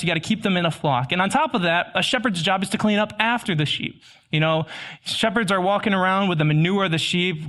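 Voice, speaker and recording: Young male preacher, light high voice, relaxed conversational sermon with jokes. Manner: casual, chatty, self-deprecating humor.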